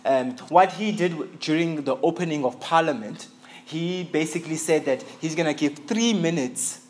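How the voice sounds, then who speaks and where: A man's voice: a little high, normal speed. A man from Africa, preaching a sermon as a visiting pastor in an earnest, emphatic way, repeating key phrases for stress. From South Africa. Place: church in England.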